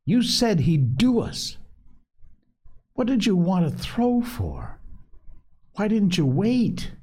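A man's voice: on the low side, very animated, slow pace, a little mellow, husky, pitched above the performer's own voice, heavily acted. A man reading an audiobook, voicing a bossy, hot-tempered boy who scolds sharply. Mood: scolding.

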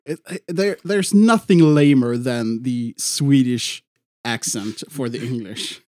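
A man's voice: medium pitch, slow pace, darkish tone. A man co-hosting a casual podcast, rambling and swearing freely, with frequent restarts. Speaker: podcast co-host.

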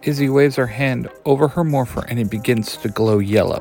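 Brief: male narrator, even mid pitch, soft music underneath. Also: brisk, gravelly. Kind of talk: fan audio drama narration.

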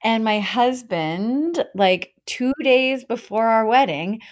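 Energetic woman podcast host, storytelling, says like a lot, 30s. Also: fairly high pitch, slow pace. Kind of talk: casual podcast chat.

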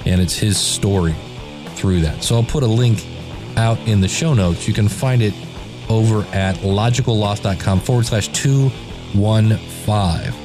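A man's voice: lowish voice, unhurried, music in the background. A man in his forties hosting a casual solo podcast, talking in a self-deprecating, joking way. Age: 40s. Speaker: podcast host.

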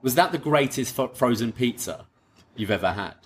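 A man's voice: mid-range voice, expressive, normal speed, a little hiss or hum. A young man with a Northwest London accent, co-hosting a podcast in casual, laid-back chat. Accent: Northwest London English. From England. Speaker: podcast co-host.

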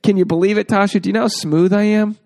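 A man's voice: high voice, steady tone, fast talker, gravelly, a little mellow, no echo. A man hosting a casual podcast, joking freely and acting out quotes in exaggerated voices. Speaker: podcast host.

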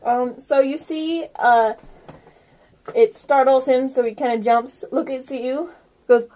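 A woman's voice: high voice, fairly even intonation, slow, warm tone, rough recording. A woman running a tabletop game as game master, narrating playfully and giggling often.

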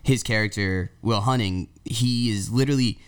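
A man's voice: fairly low pitch, moderate pace, smooth. A man on a casual podcast who talks in a rambling, hesitant way with lots of fillers. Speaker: podcast co-host.

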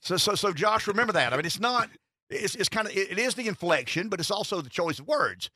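A man hosting a talk radio show, talking in an animated way that often restarts and repeats words. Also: high-pitched, fast talker, breathy edge, no room sound, studio quality. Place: radio studio. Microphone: studio headset mic.

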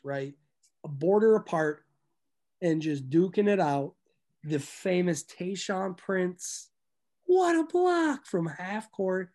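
Young male guest, lively raconteur, gets loud fast then drops low, laughs mid-story. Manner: animated, swings from loud excitement to low asides; laughs through stories. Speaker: podcast guest. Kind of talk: casual storytelling chat.

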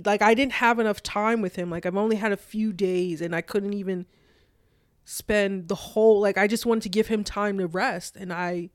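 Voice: medium pitch, steady tone, normal speed, no echo, studio quality. A young adult telling a personal story in loose, casual speech, full of "like" fillers.

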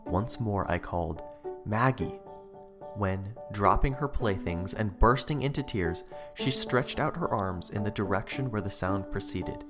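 Deep low guy reading a sermon, earnest and measured, soft music underneath. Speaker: preacher. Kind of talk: read sermon.

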